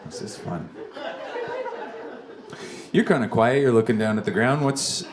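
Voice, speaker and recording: A man's voice: medium pitch, expressive, measured pace, very noisy. A male stand-up comedian doing a club set, rambling and self-deprecating, chatting with the crowd between jokes. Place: comedy club basement stage. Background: audience laughter.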